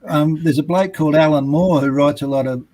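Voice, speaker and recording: A man's voice: on the high side, brisk, warm tone, slight background noise, poor audio. An Australian man hosting a casual chat about comics, rambling and laid-back with plenty of fillers. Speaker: host.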